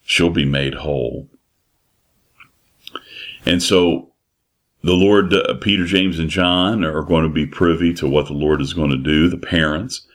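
A man preaching a sermon in a slow, emphatic way, repeating his phrases. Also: extremely low pitch.

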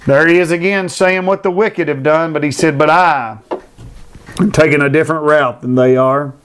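Fervent high-voiced preacher. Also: male voice, fairly even intonation, normal speed, a bit bright, slight background noise. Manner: fervent, repetitive emphatic preaching. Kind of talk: sermon.

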